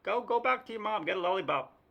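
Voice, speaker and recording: A woman's voice: mid-range voice, lively intonation, fast, vocal fry, dull audio. A woman voicing a dismissive female pilot who brushes off a child. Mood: incredulous.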